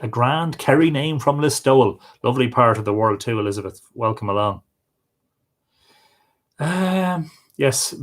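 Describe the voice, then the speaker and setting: Irish man greeting viewers live. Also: mid-range voice. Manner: friendly, greets viewers by name, reads their comments aloud. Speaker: livestream host reading viewer comments. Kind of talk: casual live chat.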